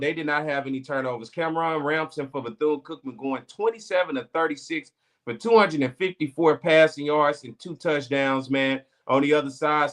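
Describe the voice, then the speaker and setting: A man co-hosting a casual sports talk show, running through game stats in an animated way. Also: a little high. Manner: animated, reads game stats in a steady run.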